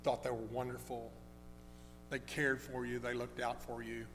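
A man preaching a sermon, telling a story in a conversational, halting way with many restarts. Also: medium pitch, level tone, a bit bright. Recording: long hall reverb with faint hum.

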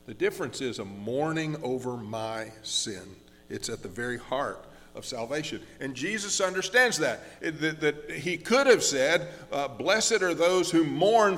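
A man preaching a sermon as pastor, earnest and slowing down on key words, with frequent restarts. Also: a little high, a bit bright, long reverb tail. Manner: earnest, slows down for emphasis with many restarts.

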